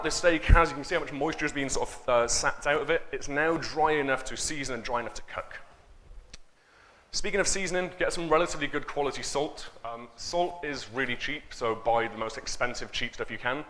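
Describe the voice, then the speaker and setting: A man's voice: fairly high pitch, fairly quick, fairly bright tone. A man giving a loose, unscripted talk on stage to an audience. He chats and jokes, with many fillers. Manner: chatty, joking, many fillers. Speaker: conference speaker. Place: conference stage before an audience.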